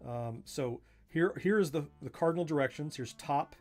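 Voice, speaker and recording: A livestreaming man with a Southern US accent chats casually while breaking down a joystick, his folksy, self-mocking talk punctuated by chuckles and thinking aloud. He was born in southern Florida, his family hails from Missouri, and his slightly high voice moves at normal speed over faint music.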